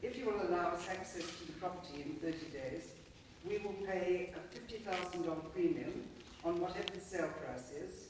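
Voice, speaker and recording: A woman's voice: fairly low pitch, a little fast. A woman at an auction putting a detailed question to the auctioneer, polite and a little hesitant. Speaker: bidder asking a question. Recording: roomy, far-off mic in a hall with background noise.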